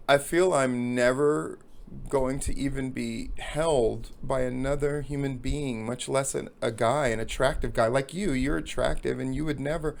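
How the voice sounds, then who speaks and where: A man voicing a sad, tearful young woman who speaks softly and hesitantly. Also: mid-range voice, steady tone, measured pace, gravelly.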